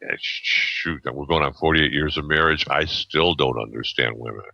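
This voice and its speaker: A man in his seventies, a podcast guest, telling a story in a rambling, halting way with many restarts and fillers, on a dull lo-fi recording. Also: very deep voice, gravelly, pushed and bright, no room sound. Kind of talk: casual storytelling. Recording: dull lo-fi sound.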